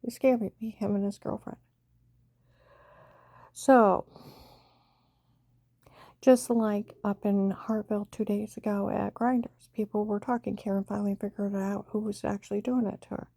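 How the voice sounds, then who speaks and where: Rambling woman with a dark, mellow voice. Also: mid-range voice, steady tone, moderate pace, gravelly, pauses often, dry recording. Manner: rambling, repeats "I said" while retelling conversations. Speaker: vlogger telling a personal story. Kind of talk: rambling personal monologue.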